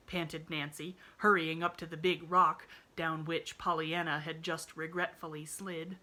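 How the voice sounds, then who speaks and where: A woman pastor hosting a story hour, reading a children's classic aloud with expressive narration. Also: deep voice, a little slow, few pauses.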